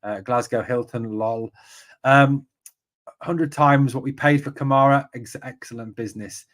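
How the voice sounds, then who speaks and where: A man's voice: medium pitch, unhurried, fairly bright tone. An English man hosting a live football podcast, reading out viewer comments and answering them in a chatty way with many ums. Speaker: podcast host.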